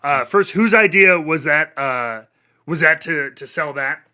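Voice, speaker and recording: A man hosting a casual interview podcast, reading listener questions in a relaxed way with fillers. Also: a little high, a little slow, clean tone. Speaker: podcast host.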